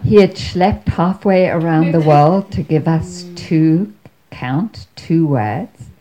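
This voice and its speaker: A woman giving a storytelling talk in a measured, wry manner, on a slightly muffled recording. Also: sits low, dark tone. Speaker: speaker telling a story.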